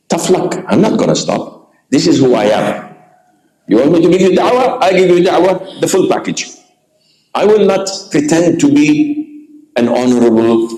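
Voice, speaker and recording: A man from Indonesia, an Islamic preacher, speaks in a frank, animated way at a mid pitch, sprinkling Arabic phrases through his talk. His voice carries the echo of a roomy space. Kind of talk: candid talk about his humor.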